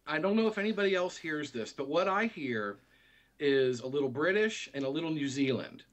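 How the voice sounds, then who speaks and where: A man, a guest in a casual interview, explaining things in a relaxed, easygoing way. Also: on the high side, a little fast.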